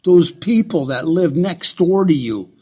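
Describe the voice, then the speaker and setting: A man delivering a heated, profane, sarcastic ranting monologue in a husky voice. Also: a little high, expressive, a little slow, mellow.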